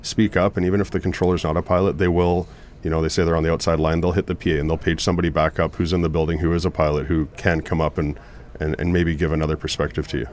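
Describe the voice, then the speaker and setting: A man's voice: low-pitched, flat delivery, fast, a little mellow. A middle-aged man, an air traffic controller, telling stories earnestly in a casual panel talk. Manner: earnest, storytelling with many restarts.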